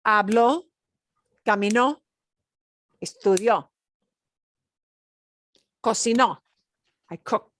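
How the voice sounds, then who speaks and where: A woman's voice: medium pitch, bright, forceful tone, no echo, studio quality. A middle-aged woman teaching a beginners' Spanish class, chatty and encouraging, punching the stressed endings as she explains. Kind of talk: online language lesson.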